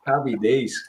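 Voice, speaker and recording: Guy talking things through calmly, bit far off the mic, roomy echo. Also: medium pitch. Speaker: podcast guest. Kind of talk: casual chat. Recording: echoey room, away from the mic.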